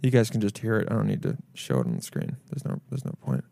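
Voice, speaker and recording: A young man hosting a solo podcast from his apartment, rambling loudly with jokes and swearing. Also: on the low side, wildly swooping pitch, fast, gravelly, over loud music. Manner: rambling, loud, jokey, swears a lot. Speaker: podcast host. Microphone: camera mic.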